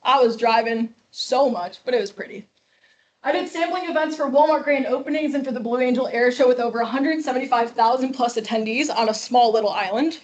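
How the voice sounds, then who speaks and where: A woman in her twenties from Chicago, a guest speaker telling a class her story, lively and acting out the people she quotes. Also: fairly high pitch, a little fast, slight background noise. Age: 20s. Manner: lively, acts out quoted dialogue.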